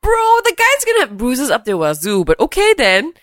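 A woman in casual chat about films, throwing in jokey quick asides. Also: sits high, huge pitch swings, no room sound, clean studio sound.

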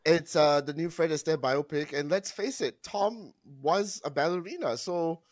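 A man in casual podcast chat, telling anecdotes in a relaxed way and swearing freely. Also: fairly high pitch, moderate pace, dry recording, studio quality.

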